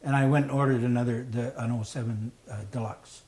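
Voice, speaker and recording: A man telling a story in a casual spoken way. He gets animated, acts out the voices of the people he quotes, and laughs often. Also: mid-range voice, brisk. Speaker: storyteller guest.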